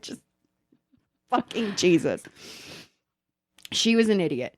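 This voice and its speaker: A woman's voice: lowish voice, a little slow, pauses often. A woman hosting a podcast, telling stories in casual chat with plenty of swearing. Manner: animated, profane storytelling. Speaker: podcast host.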